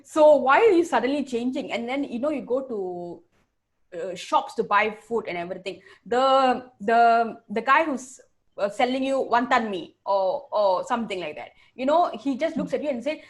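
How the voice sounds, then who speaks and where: Chatty Singaporean woman, slightly high. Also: animated, moderate pace. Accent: Singaporean English. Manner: chatty, laughs often, many restarts. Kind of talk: casual chat.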